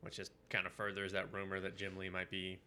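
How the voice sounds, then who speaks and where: A man's voice: low-pitched, brisk, slight background noise. A man co-hosting a casual comics podcast, joking and swearing as he talks. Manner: animated, bright, joking and profane. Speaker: podcast co-host.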